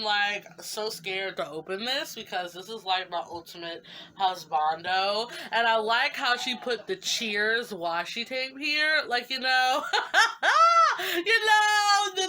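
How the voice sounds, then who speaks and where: A young woman vlogs as she unboxes fan art, chatting casually and gushing giddily, with frequent laughs and squeals. Her mid-range voice is bright and forceful, and her speech is slangy and full of fillers like "like" and "you know."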